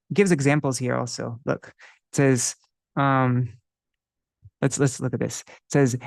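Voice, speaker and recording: A man's voice: mid-range voice, vocal fry, darkish tone, no echo, studio quality. A man teaching a devotional song text in a live class, explaining words one by one and stopping to look them up in a dictionary. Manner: chants scripture verses slowly.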